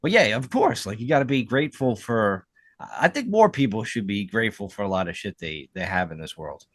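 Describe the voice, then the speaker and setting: A man's voice: fairly low pitch, lively intonation, brisk, no echo, studio quality. A man co-hosting a podcast in casual chat, brash and joking, swearing freely. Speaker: podcast co-host.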